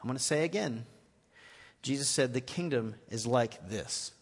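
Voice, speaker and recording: A man preaching a live sermon as pastor, earnest, dropping to quiet scripture reading and rising to urgent appeals. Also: mid-range voice, expressive, moderate pace. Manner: earnest, shifts between quiet reading and raised exhortation. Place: large church hall. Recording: live hall reverb.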